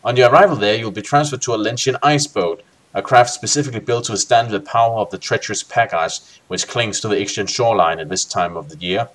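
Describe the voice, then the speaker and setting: A man's voice: on the low side, fast talker, hardly any pauses, fairly bright tone. A man hosting a co-op game session, reading a gamebook aloud expressively and tossing in joking asides. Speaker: let's play host.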